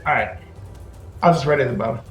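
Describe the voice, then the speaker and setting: A man playing a tabletop game who talks in a halting way, thinking aloud as he decides. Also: mid-range voice, a bit bright. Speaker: player. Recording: roomy echo, faint music behind.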